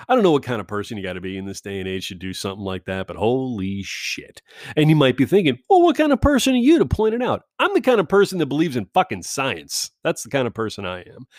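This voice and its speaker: A man hosting a podcast, telling a story in a casual, profane, animated way and laughing often. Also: fairly high pitch, no room sound, studio quality. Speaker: podcast host.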